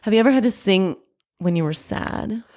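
A woman's voice: medium pitch, expressive, normal speed, dark tone. A woman co-hosting a comedy podcast, bubbly and goofy, talking effusively in casual chat. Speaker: podcast co-host.

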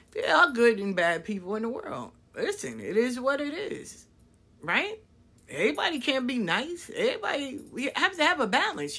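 A woman's voice: medium pitch, breathy edge. A woman speaking her mind in a casual monologue, blunt and profane, acting out other people's lines as she goes. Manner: blunt, profane, animated storytelling with acted-out quotes.

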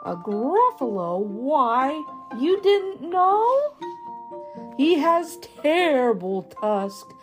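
A woman voicing a small, brave, clever mouse in a storybook, bright and confident. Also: high voice, sing-song, extremely slow, soft background music, full character voice. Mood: boastful.

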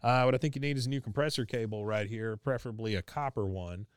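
A man's voice: mid-range voice, quick pace, smooth, dry recording, studio quality, close to an everyday voice. A man voicing a straight-laced, practical middle-aged man in a matter-of-fact tone while recapping a cartoon.

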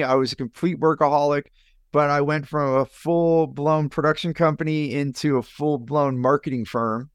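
A middle-aged man, a business coach and podcast guest, telling his life story in an animated way and jumping up in pitch when he acts out other people. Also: clean tone, no room sound, studio quality. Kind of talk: personal storytelling in an interview.

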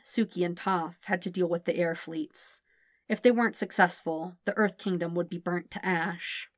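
A woman reading a fan fiction audiobook in a steady, gentle storytelling manner. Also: on the low side, dry recording, studio quality. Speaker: podfic reader.

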